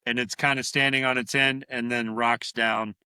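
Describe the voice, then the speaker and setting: A man's voice: mid-range voice, moderate pace, clear, resonant tone, no room sound. A man co-hosting a podcast, retelling a horror film scene by scene in casual, profane chat. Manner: profane, animated retelling with acted-out quotes. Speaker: podcast co-host.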